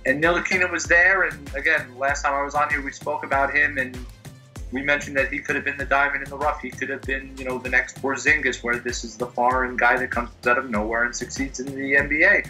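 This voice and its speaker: A man, a guest sports editor on a podcast, talking in an animated, enthusiastic way and joking along. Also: medium pitch, brisk, faint music behind, low-quality recording. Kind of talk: casual podcast interview.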